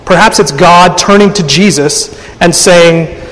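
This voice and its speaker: A man's voice: high voice, measured pace, a bit bright, a little hiss or hum. A man preaching a sermon in a thoughtful way, often restarting and repeating words as he works through an idea. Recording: long hall reverb.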